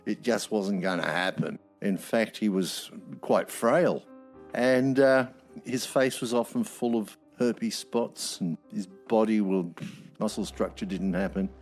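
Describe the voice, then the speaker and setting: A former prison officer tells anecdotes bluntly, swearing freely and adding wry humor. His voice is on the low side, a little slow and a little mellow, with faint music behind him.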